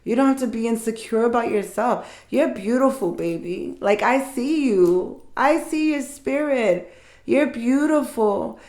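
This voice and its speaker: A woman, likely middle-aged, giving an intuitive tarot reading and speaking warmly and directly to her listeners as if comforting them. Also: on the high side. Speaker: tarot reader. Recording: echoey room.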